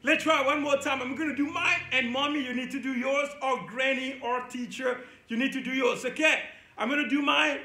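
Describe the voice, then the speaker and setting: A man's voice: very high voice, normal speed, few pauses, sharp tone, reverberant. A man teaching young children at church, playful and coaxing as he talks straight to the kids. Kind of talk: lively lesson for young kids.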